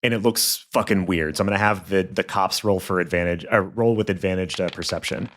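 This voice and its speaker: A man running a comedic tabletop game as game master, narrating in a wry, animated way. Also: low-pitched, brisk.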